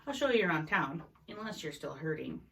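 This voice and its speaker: A woman voicing a cheeky, teasing young girl, the narrator's best friend, with drawn-out lines. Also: sits low, animated, vocal fry, fairly bright tone, recorded from a distance, heavily acted. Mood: chatty.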